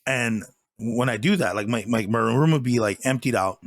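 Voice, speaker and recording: A man in a relaxed movie-review chat, voice of middle height, retelling scenes in a loose, rambling way and breaking into laughs. The sound is dry and close, with no room around it. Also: mid-range voice, normal speed, no room sound. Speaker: podcast co-host.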